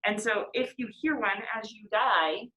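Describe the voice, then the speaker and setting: A woman's voice: mid-range voice, moderate pace, bright, forceful tone, reverberant, rough recording. A woman teacher leading a class discussion of a poem, chatty and laughing easily, reading lines aloud.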